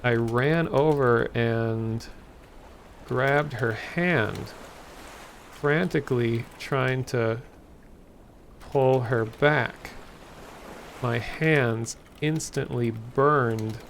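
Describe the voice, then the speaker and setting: A man's voice: medium pitch, gravelly, slight background noise. A man streaming live, reading a computer-generated story aloud with frequent stops and corrections. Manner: halting, stops and corrects himself mid-sentence.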